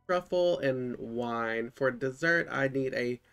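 A man's voice: mid-range voice, takes it slowly, a bit bright, smooth. A man reading aloud a young woman's note, barely voicing her. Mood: dreamy.

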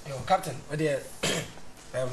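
A Ghanaian man speaking as a guest, measured and addressing the host directly. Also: on the high side.

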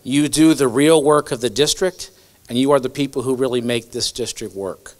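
A man's voice: medium pitch, normal speed. A man giving earnest, grateful closing remarks at a luncheon in a banquet hall. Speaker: event host.

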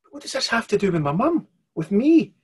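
A man's voice: very animated, fairly quick, darkish tone, breathy edge, full character voice. A man voicing a frightened young girl. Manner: higher, anxious, pleading. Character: frightened, defiant young girl woken at night. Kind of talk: storybook reading.

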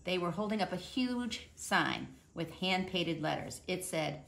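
Low-voiced gravelly woman reading aloud. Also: expressive, measured pace, fairly bright tone. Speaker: storybook reader. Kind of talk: reading a picture book aloud.

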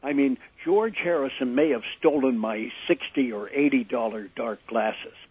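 An older man, a former disc jockey, telling animated stories in an interview, acting out the people he quotes. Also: medium pitch, moderate pace, slightly rough, dry recording. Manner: animated anecdote teller, acts out quotes. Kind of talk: storytelling interview. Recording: tinny phone-line sound.

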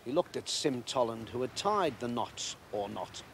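A man reading a storybook aloud in an expressive, measured way. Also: mid-range voice, creaky, a little hiss or hum.

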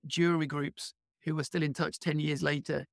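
A man's voice: fairly high pitch, little pitch movement, normal speed, creaky, no room sound, clean studio sound. A man with a British accent, a podcast guest explaining his work in a friendly, enthusiastic way. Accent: British English. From England. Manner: friendly, enthusiastic, fluent with small restarts. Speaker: guest, head of learning. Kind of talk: conversational interview answers.

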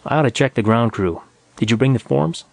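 A man's voice: medium pitch, fairly quick, gravelly, dry recording, close to an everyday voice. A man voicing a weary, dry-humored male rocket inspector in a science fiction audiobook. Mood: businesslike. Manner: dry, muttering. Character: gruff middle-aged male rocket inspector.

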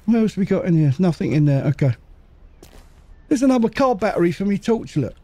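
A man casually commentating a game as he plays, muttering to himself and making quick jokes. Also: high-pitched, big pitch swings, mellow, dry recording. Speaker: gaming channel host. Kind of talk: casual let's-play commentary.

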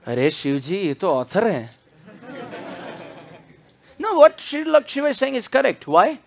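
A man giving a sermon. He tells the story in an animated way and chants verses of scripture. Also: high voice, fast, vocal fry, a faint crowd. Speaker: spiritual speaker.

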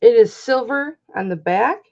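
A woman presenting jewelry on a live online auction, describing each piece in a slow, easygoing way. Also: a little high, lively intonation, gravelly, highs cut off. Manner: slow, easygoing show-and-tell. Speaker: jewelry seller presenting items.

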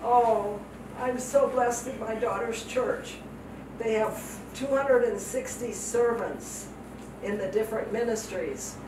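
Slow, heartfelt older woman preaching. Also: fairly high pitch. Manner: heartfelt and emotional, repeats phrases for emphasis. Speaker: guest speaker, missionary. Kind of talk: testimony sermon. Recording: echoey hall from far off, noisy.

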